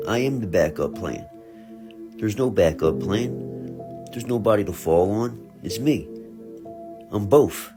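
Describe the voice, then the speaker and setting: A man, a father of two, slowly and wearily venting to the camera about exhaustion, swearing heavily as he goes. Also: fairly low pitch. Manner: slow, weary, heavy with swearing. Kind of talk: emotional vent to camera. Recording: clear music playing behind.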